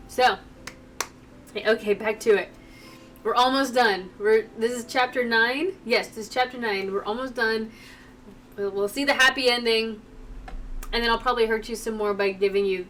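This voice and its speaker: A woman's voice: on the high side, fairly even intonation, normal speed, long pauses, a bit bright, far from the mic, soft background music. A young woman streamer, teary and emotional, reading a game aloud and chatting with laughs and self-mocking remarks. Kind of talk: casual let's play commentary and reading.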